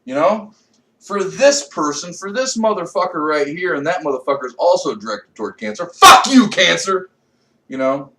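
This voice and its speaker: A young man, a comedian, giving a rambling, profane rant that swings from low mutters to loud outbursts. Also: expressive, brisk, recorded from a distance, a little hiss or hum. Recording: echoey room, a bit off-mic.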